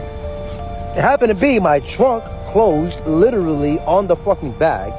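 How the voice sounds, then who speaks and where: A man sitting in his car, telling a story in an animated, heated, profane way. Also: high-pitched, measured pace, over music, low-quality recording. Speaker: social media poster. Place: parked car.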